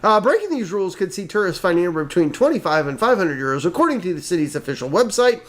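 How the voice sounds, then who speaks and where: A man's voice: high-pitched, sing-song, quick pace. A man co-hosting a comedy news podcast, reading stories and throwing in sarcastic wisecracks. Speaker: podcast co-host. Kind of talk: casual comedic news chat.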